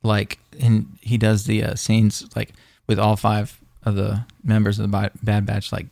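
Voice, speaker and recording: A man's voice: lowish voice, completely flat delivery, unhurried, creaky, a little mellow, dry recording. A man co-hosting a podcast in casual chat, rambling with lots of fillers and restarts. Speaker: podcast co-host.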